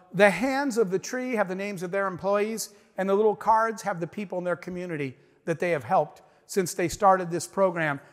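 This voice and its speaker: Guy with a high voice giving a motivational speech, acts out the dialogue, big hall echo. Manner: emphatic storyteller, acts out dialogue. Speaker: business owner giving a speech.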